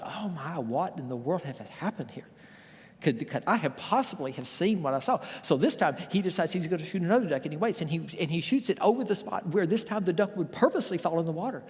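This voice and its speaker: A man's voice: fairly high pitch, a little mellow, big-room sound. A man preaching a sermon as pastor, telling folksy stories and acting out the voices of the people in them. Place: church sanctuary.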